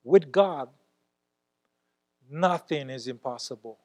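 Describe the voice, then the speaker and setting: A man preaching a sermon as a church elder, talking emphatically and swinging between loud exclamations and quiet asides. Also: medium pitch, takes it slowly.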